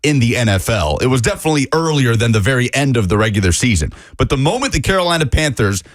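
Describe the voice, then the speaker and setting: A man's voice: medium pitch, very animated, fast, no echo. A man hosting sports talk radio in a studio, bantering in a playful, teasing way. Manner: playful, teasing, mock-indignant. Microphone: studio microphone.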